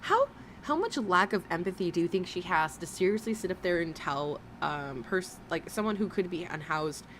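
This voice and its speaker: A woman's voice: lowish voice, big pitch swings, moderate pace, fairly bright tone, slight background noise. A woman giving blunt, mocking reaction commentary, swearing freely as she talks over a clip. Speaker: commentary host.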